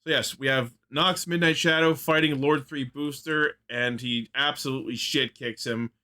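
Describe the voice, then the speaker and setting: A man's voice: medium pitch, fairly even intonation, moderate pace, bright, forceful tone. A man co-hosting a casual fan podcast, recapping episode plot in detail with enthusiasm and casual swearing. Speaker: podcast co-host.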